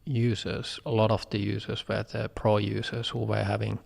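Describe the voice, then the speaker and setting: A man with a deep, heavily gravelly voice talks in a slow, measured way, pausing on fillers. His delivery stays flat and even. The recording has a long, reverberant tail. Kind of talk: casual chat.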